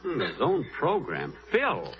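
A man hosting a 1940s radio comedy, vain and easily huffed, with drawn-out pauses. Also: mid-range voice, huge pitch swings, background noise. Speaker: comedy show host. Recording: muffled old radio broadcast.

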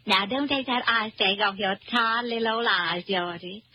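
A woman's voice: medium pitch, moderate pace, voice pushed down, natural voice. An actress playing a woman who mockingly imitates a belle in a 1940s radio comedy, coy and cooing. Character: mock southern belle, a teasing imitation. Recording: dull, noisy old radio recording.

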